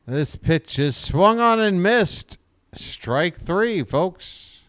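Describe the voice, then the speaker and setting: A man's voice: sits high, animated, very slow, a bit bright, no room sound, clean studio sound. A man calling a baseball game live as a fan host, folksy and joking, talking to viewers as folks. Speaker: play-by-play host. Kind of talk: live fan play-by-play commentary.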